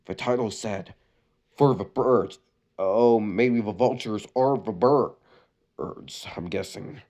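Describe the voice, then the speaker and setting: A man's voice: fairly low pitch, slow, darkish tone. Man reading a story with sarcastic asides. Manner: sarcastic, stumbling over words. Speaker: creepypasta reader. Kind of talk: reading a story aloud with comedic commentary.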